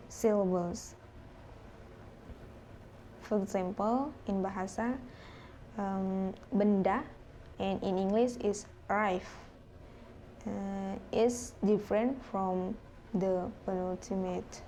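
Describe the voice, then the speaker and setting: Woman, classroom presentation, slow, mellow tone, halting with fillers, faint background noise. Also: medium pitch. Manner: halting, with fillers and self-corrections.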